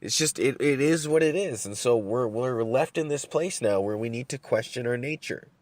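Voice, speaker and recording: A man's voice: medium pitch, moderate pace, no room sound. Rambling, profane man ranting solo. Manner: rambling, profane, repeats words while thinking; smoking and drinking coffee while talking. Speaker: podcast host. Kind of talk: solo rant.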